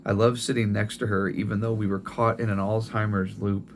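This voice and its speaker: A middle-aged man preaching a sermon in a gentle, tender storytelling way, often restarting his phrases. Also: lowish voice, flat delivery, a little fast, slight background noise. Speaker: pastor.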